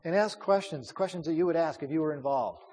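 Speaking a little fast in a slightly high, slightly mellow voice, this male pastor teaches an informal Bible study, using fillers and repeating words as he talks. The recording carries a long hall reverb.

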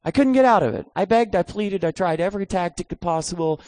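A middle-aged man preaching a sermon, telling a comic story with animated delivery. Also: high-pitched, a little fast, dry recording, studio quality.

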